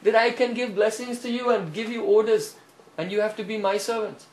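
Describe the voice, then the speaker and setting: A man's voice: high voice, steady tone, fairly quick, pitched above the performer's own voice, natural voice. A man doing an ecstatic old sage. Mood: humble. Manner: loud fervent proclaiming, repetitive chanting. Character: ecstatic elderly male sage proclaiming devotion. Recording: echoey room, faint hiss.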